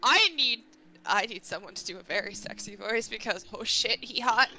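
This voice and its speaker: A woman's voice: fairly high pitch, normal speed, pushed and bright, slight background noise. A woman co-hosting a game livestream, full of playful, joking banter. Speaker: stream co-host player. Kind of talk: casual livestream chat.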